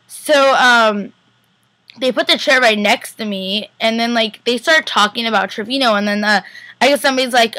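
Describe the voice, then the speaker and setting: A young woman chats to the camera, rushing through a story with eager excitement. Her voice sits a little high and sounds bright and sharp. The recording is close and dry. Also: dry recording, low-quality recording. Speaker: vlogger. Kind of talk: casual chat.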